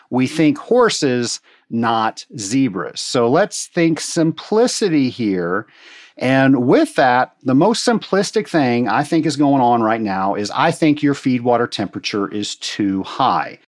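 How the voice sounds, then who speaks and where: A man's voice: medium pitch, sing-song, a little slow. A man giving a casual, folksy technical lesson, answering a listener's question step by step. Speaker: water treatment instructor answering a listener question. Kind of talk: casual instructional talk. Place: Atlanta.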